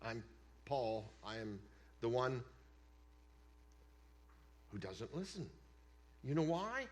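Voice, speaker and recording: Man, pastor, church sermon, slow delivery, lively rising and falling pitch, emphatic with hushed asides. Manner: emphatic, swings between loud declarations and hushed asides. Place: church sanctuary.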